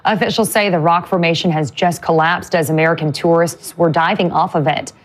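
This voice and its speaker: Woman anchor with a lowish voice. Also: fairly even intonation, a little fast. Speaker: news anchor. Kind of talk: scripted news reading.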